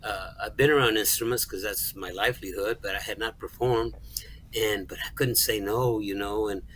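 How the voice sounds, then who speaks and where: An earnest middle-aged songwriter who manages a music store tells a personal story during an interview, speaking haltingly, repeating words and acting out the dialogue he quotes. His voice is fairly low, steady and slightly bright, on a rough recording with a little hiss or hum.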